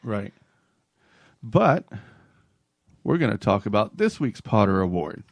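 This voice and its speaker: A man's voice: on the low side, very animated, takes it slowly, vocal fry, dry recording. A man from North Carolina hosting a podcast in casual, joking chat with frequent restarts. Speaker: podcast host.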